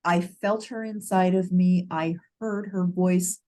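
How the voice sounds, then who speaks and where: Earnest woman telling a story, lowish voice. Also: steady tone, takes it slowly, dark tone. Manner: earnest storytelling with many restarts. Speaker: grief educator, co-host. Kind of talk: reflective conversation.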